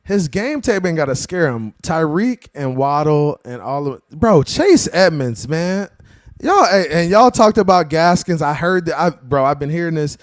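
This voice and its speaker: A man hosting a casual post-game sports live stream, reading viewer chat aloud and reacting in an animated, slangy way, calling people "bro" and "man.". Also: a little high, measured pace, no room sound, clean studio sound.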